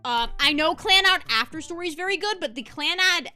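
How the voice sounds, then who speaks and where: Animated high-voiced young woman streamer. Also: fairly quick, soft background music. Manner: passionate, ranting; animated, laughs easily. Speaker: VTuber streamer. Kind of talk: casual live-stream commentary.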